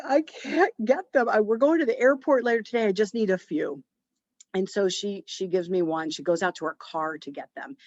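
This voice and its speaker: A woman hosting a podcast, telling a story in a chatty, animated way and acting out bits of dialogue. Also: medium pitch, no echo, dull audio. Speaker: podcast host. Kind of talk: casual storytelling monologue.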